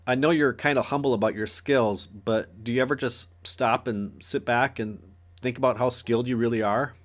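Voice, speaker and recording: A man's voice: medium pitch, steady tone, normal speed. A man hosting a casual interview, asking a friend friendly, curious questions. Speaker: host, interviewer.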